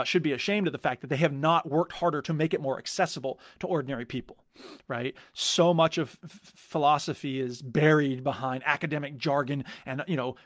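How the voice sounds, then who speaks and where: A man's voice: a little high, no room sound, clean studio sound. A man hosting his own show, talking through ideas in a casual, rambling way with many restarts and fillers. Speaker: podcast host. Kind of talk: casual spoken commentary.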